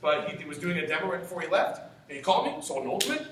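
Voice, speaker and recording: A young man, a sales trainer, giving an enthusiastic, high-energy motivational talk to a room of sales reps. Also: big pitch swings, racing. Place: meeting room. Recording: echoey room from far off, faint noise.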